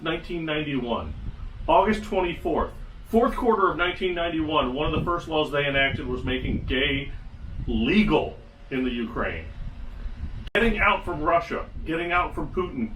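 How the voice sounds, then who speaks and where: Recorded from across an echoey room with a little background noise, this podcast host delivers a relaxed solo commentary full of dry, sarcastic remarks. His voice is fairly high and sharp-toned.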